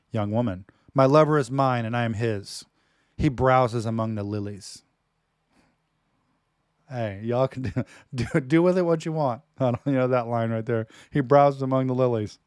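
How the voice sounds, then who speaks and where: A man reads scripture aloud at home, leaning hard into the verses and stopping now and then for joking asides. His voice sits at an ordinary middle pitch. The recording is dry, with no room echo. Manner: loud, emphatic reading with joking asides. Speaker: Bible reading host. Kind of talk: Bible reading with casual commentary.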